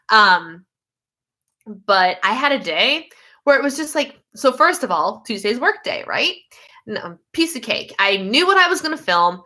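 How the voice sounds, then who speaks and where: A woman's voice: fairly high pitch, big pitch swings, measured pace, sharp tone. A woman hosting a casual livestream, chatty and easily sidetracked, with lots of fillers. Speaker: YouTube livestream host.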